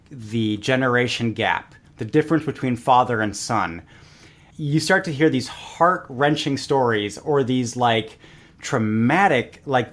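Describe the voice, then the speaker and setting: A man talking as a podcast guest, telling stories animatedly with lots of fillers. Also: medium pitch. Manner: animated storyteller, voices quoted characters, many fillers. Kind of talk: casual podcast chat.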